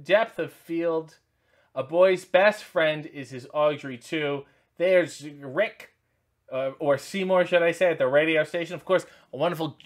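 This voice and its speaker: Man in his forties, wry rambling unboxing commentary, slightly high voice. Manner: rambling, wry and joking, with many asides. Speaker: channel host.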